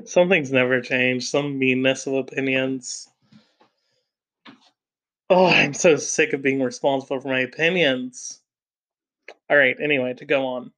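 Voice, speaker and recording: A man's voice: medium pitch, steady tone, unhurried, pauses often, fairly bright tone. A man reading a classic novel aloud, breaking off now and then for wry, joking asides. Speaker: reader.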